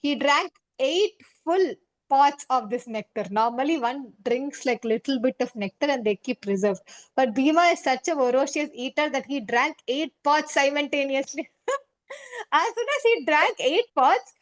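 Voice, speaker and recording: A woman's voice: high-pitched, animated, measured pace. A woman telling a story to a kids' class, chatty, checking in with "okay?" and "right?" all the time. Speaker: storytelling teacher. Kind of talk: casual storytelling class for kids.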